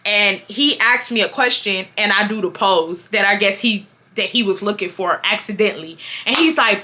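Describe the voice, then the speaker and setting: A woman in her twenties from Houston telling a storytime vlog in an expressive, slangy way, acting out what people said. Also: normal speed, hardly any pauses. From Houston, Texas. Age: 20s. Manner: expressive, slangy, acts out quotes with pitch jumps. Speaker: storytime YouTuber.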